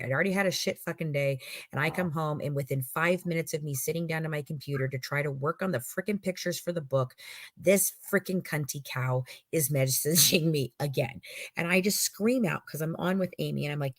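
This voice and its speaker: A woman's voice: deep voice, fairly quick, no echo. A woman from the United States co-hosting a live stream, retelling a heated online feud with profanity and sarcasm. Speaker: livestream co-host. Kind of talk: casual storytelling on a live stream.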